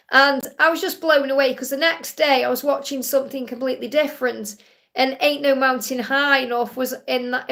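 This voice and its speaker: Woman, high-pitched, soothing, chatty, live card reading. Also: a bit bright. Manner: soothing, chatty, frequent "okay?" check-ins. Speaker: psychic card reader hosting live Q&A. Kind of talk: live-stream tarot reading.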